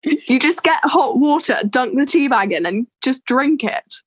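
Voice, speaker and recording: A teenage girl from England chats away on a podcast with lively, animated energy. Her voice sits a little high and sounds dry and close to the mic, with no room around it. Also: a little slow, no echo. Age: teens. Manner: chatty and animated. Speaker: podcast co-host. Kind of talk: casual chat.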